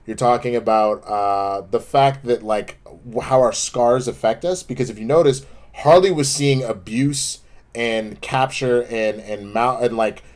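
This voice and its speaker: A man co-hosting a casual episode review, talking in long, animated, reflective runs. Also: medium pitch, a little slow. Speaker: co-host, show reviewer.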